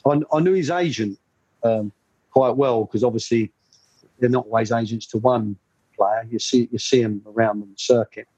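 A man's voice: medium pitch, moderate pace, warm tone, husky, no room sound, muffled recording. Older man telling rambling stories. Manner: rambling anecdotal, many fillers. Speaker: guest, former football coach. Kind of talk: storytelling interview.

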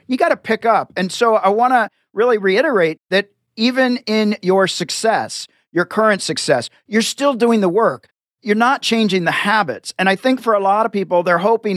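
A man's voice: high-pitched, moderate pace, a bit bright, no echo, clean studio sound. A man hosting an interview, affirming and reflective, restating his guest's points. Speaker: podcast host. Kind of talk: conversational interview.

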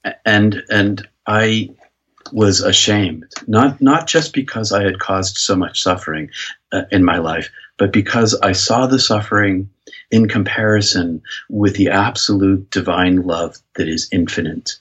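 Deep husky man, earnest storyteller. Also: a little slow, fairly bright tone. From United States. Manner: earnest, reflective, with frequent restarts. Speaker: pastor and guest. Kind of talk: personal storytelling in an interview. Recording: dull lo-fi sound.

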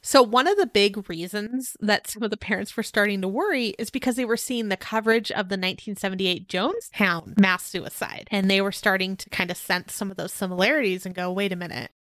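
Animated woman, dry close sound. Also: medium pitch, brisk, few pauses, dry recording. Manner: animated, laughs often, acts out quotes. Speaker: podcast co-host. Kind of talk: casual true-crime chat.

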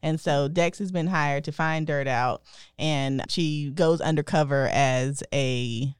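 A woman's voice: low voice, slow pace, smooth, dry recording, clean studio sound. A woman hosting a casual podcast, retelling a story with giggles. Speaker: host.

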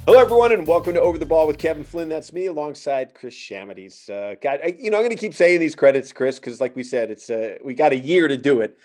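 A man's voice: fairly high pitch, animated, fast talker, few pauses, a little mellow, soft background music. A middle-aged man hosting a podcast and telling stand-up stories in a rambling, joking way. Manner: rambling, joking, many fillers. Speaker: podcast host and stand-up comic. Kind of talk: casual chat and storytelling.

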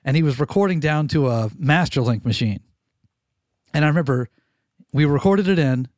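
Animated, candid male engineer telling stories. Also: fairly high pitch, moderate pace, dry recording, studio quality. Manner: animated, candid storyteller who swears casually and restarts sentences. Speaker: recording engineer, podcast guest. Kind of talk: casual storytelling interview.

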